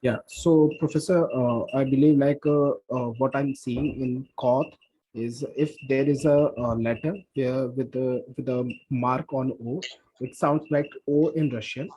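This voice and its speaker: Student, a man, dark husky voice, hesitant questioner on a video call. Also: medium pitch, steady tone, unhurried, dull audio. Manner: hesitant, filler-heavy questioning. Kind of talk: asking a question in class.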